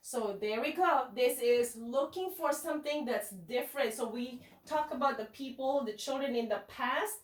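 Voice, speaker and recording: A woman teacher reading a picture book aloud to young children in slow, sing-song teacher talk, checking in with them often. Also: high voice, far from the mic. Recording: echoey room, voice away from the mic.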